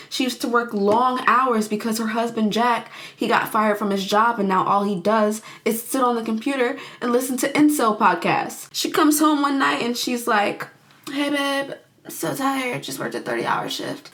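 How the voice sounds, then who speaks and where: A young woman reviews movies, recapping a film in a chatty, casual way. She's animated and quickly acts out the characters' lines in her own voice, tossing in plenty of asides and reactions. Her voice sits a little high.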